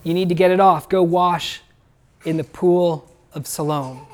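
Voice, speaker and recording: A man's voice: on the high side, steady tone, measured pace. A man preaching a sermon to his congregation, talking plainly and asking the listeners questions. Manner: conversational, asks the listeners questions. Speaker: pastor.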